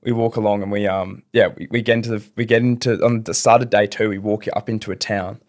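A young man, his voice sitting fairly low, tells a rambling story on a casual podcast. He stumbles through restarts and "like"s as the story tumbles out. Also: fairly even intonation. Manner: rambling, fast, lots of fillers and restarts. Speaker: podcast guest.

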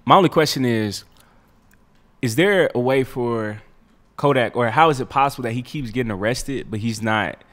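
A man co-hosting a casual podcast chat, laid-back and quick to chime in with agreement. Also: mid-range voice, fairly bright tone. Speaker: podcast co-host.

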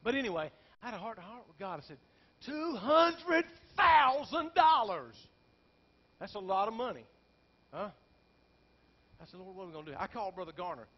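A male pastor preaching a storytelling sermon. He talks to the congregation in folksy asides and climbs into shouted peaks. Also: sits high, expressive, fast talker, long pauses, breathy edge. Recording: dull lo-fi sound with faint background noise.

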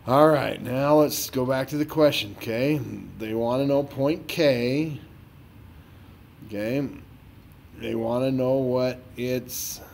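A man's voice: mid-range voice, takes it slowly, vocal fry, a little mellow, slight background noise. A man playing a math teacher who walks a student through a problem, scolding and sarcastic about the student not paying attention. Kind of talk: dramatized tutoring walkthrough.

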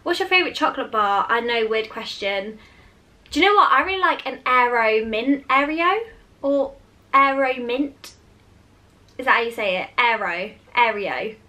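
High bright chatty young woman. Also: lively intonation, normal speed. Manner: chatty, giggly, lots of fillers. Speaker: beauty vlogger. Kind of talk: casual hair tutorial and Q&A.

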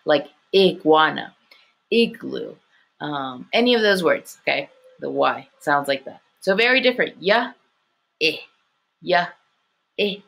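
A woman's voice: deep voice, sing-song, measured pace, creaky, fairly bright tone. A woman teaching an elementary school phonics lesson, patient, sounding words out and checking in with "okay" after each point. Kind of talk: recorded online phonics lesson.

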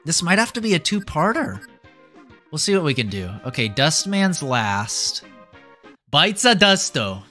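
A young man giving excitable live commentary as a streamer, yelping and groaning at the game. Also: fairly high pitch, unhurried, faint music behind. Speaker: VTuber streamer.

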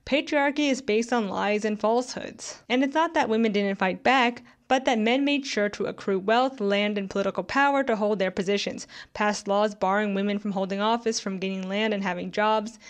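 A woman's voice: medium pitch, moderate pace, few pauses. A young woman reading a scripted video essay in a critical, conversational way, with sarcastic asides.

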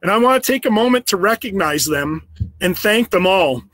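A man with a rather high voice, recorded close and dry. He delivers a prepared speech in an earnest storytelling tone, slowing down to stress key phrases. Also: expressive, a bit bright, no room sound. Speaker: business owner giving an awards speech.

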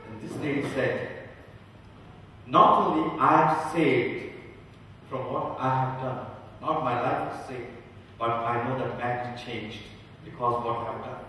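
A man's voice: mid-range voice, fairly even intonation, measured pace, long pauses, sharp tone, slight background noise. A male pastor giving a sermon, telling a story earnestly and building to fervent emphasis. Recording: echoey hall from far off.

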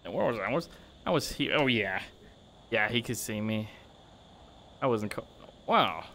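A man's voice: on the low side, expressive, normal speed, bright, forceful tone, a little hiss or hum. A man streaming a shooter game live, swearing and muttering to himself as he plays. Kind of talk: live gameplay chat.

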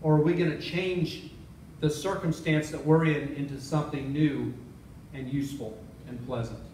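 High-voiced preacher in an echoey church. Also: male voice, steady tone, normal speed, darkish tone, far from the mic, slight background noise. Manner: storytelling preacher, repeats key phrases. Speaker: pastor. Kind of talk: sermon. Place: church sanctuary.

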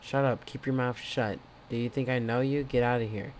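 A man's voice: mid-range voice, fairly even intonation, a little fast, slight background noise, close to an everyday voice. Man reading a wounded, accusing elderly mother. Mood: hostile.

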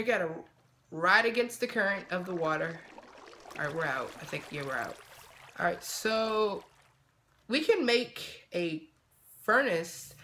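A man talks his way through a game in an easygoing let's-play ramble, muttering to himself and bursting out when something catches his eye. His voice is bright and forceful. A soft hiss and the odd mouse click sit under the recording from his home setup. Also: sits high. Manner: chatty self-talk, quick excited outbursts. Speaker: gaming channel host. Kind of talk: casual let's-play commentary.

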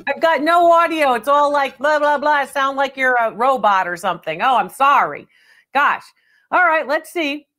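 A woman hosting a live call-in appraisal stream, talking in a brisk, chatty, direct way. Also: high-pitched, expressive, sharp tone. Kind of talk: unscripted live appraisal chat.

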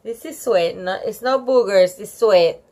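A woman's voice: medium pitch, a little slow, warm tone. A woman reading a children's book aloud to camera, breaking off for giggly, chatty asides to the viewer. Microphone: camera on a tripod.

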